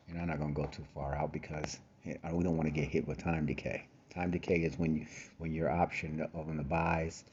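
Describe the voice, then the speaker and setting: A low-voiced man with a mellow, relaxed tone talks through a screen-share trading tutorial in a loose, conversational way. He repeats himself and fills pauses, sounding a little tired. The home recording is slightly dull, with a faint hiss underneath. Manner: conversational, repeats himself, frequent fillers and asides. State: tired, yawning. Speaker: trading course host.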